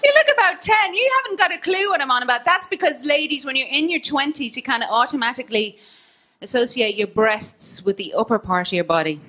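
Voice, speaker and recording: A woman's voice: high voice, lively intonation, fairly quick, sharp tone. A woman doing a stand-up set on stage, cheeky and laughing at her own lines. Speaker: stand-up comedian. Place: comedy club stage.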